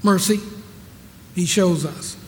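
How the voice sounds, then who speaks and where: In a long-echoing hall, a man's sermon unfolds in a distinctly high voice, each phrase drawn out with slow deliberation. He keeps returning to rhetorical questions.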